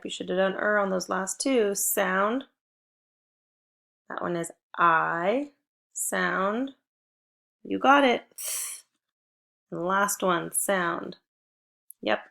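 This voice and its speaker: A woman teaching a phonics lesson to first graders, giving slow, clear prompts with pauses between them. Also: medium pitch, fairly bright tone.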